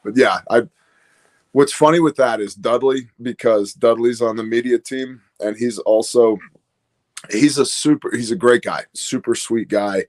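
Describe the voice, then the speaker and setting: A man's voice: medium pitch, measured pace. A man on a casual livestream talk, telling loose stories about his team with lots of quoted asides and fillers. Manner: candid, rambling storyteller with quoted asides. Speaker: guest business owner.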